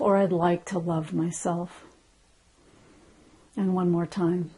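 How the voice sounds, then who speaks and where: A middle-aged woman gently guiding listeners through an emotional tapping session, speaking slowly and softly. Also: fairly low pitch, level tone, husky. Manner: gentle, slow and soothing, often soft and hushed. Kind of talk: guided EFT tapping session.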